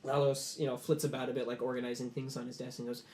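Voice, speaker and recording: A man's voice: mid-range voice, flat delivery, fast talker, hardly any pauses, a little mellow. Casual male game master narrating a tabletop session, filler-heavy delivery.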